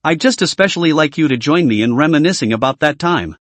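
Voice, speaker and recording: A man's voice: on the high side, fast, dry recording. A man narrating a scripted comic story recap, reading every character's lines in his own voice. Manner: reads all dialogue in one lively voice.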